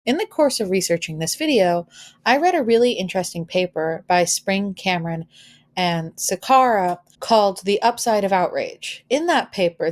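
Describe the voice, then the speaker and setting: A woman hosts and narrates from a script, speaking in a clear and measured way. Her pitch sits in a middle range. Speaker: host.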